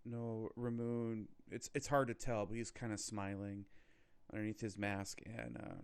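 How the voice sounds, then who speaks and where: A man playing his character in a tabletop game, speaking earnestly and measured. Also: on the low side, level tone, vocal fry. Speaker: player.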